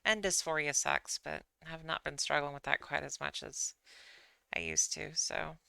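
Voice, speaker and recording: A woman rambles through a casual stream chat, low-pitched and gravelly with plenty of vocal fry. Her voice is bright and smooth, and she keeps putting herself down and apologizing. The sound is dry and close. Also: steady tone, moderate pace, no room sound. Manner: rambling, self-deprecating, apologetic. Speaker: livestreamer.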